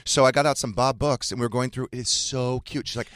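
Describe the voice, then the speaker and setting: A man hosting a podcast, telling stories in a casual, animated and teasing way. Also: medium pitch, fast talker. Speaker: podcast host.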